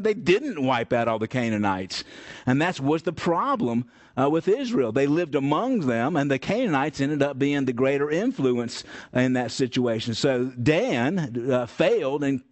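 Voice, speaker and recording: A man teaching a Bible study, reading passages aloud and then explaining them in a conversational way, with frequent fillers and restarts. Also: fairly high pitch. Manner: conversational, many fillers and restarts, folksy asides.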